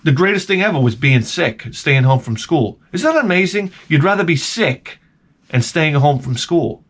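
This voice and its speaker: A man vlogging in a rambling comic monologue, animated and swearing freely as he slips into mocking voices. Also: a little high, moderate pace.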